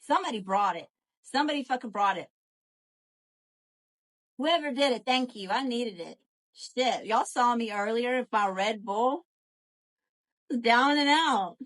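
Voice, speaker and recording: A woman doing a live tarot reading, animated and profane, calling to her viewers as y'all. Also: a little high, moderate pace, pauses often. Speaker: tarot reader.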